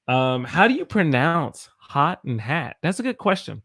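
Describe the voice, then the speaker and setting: A man's voice: medium pitch, animated, fairly bright tone. A man from the Southern United States with a Southern American accent, teaching English pronunciation in a live stream and drawing out each example word. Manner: slow, drawn-out demonstration of words.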